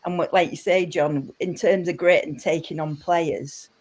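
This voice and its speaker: A woman's voice: on the low side, normal speed. A woman speaking as a podcast guest, casual and emphatic. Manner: animated, emphatic. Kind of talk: casual chat.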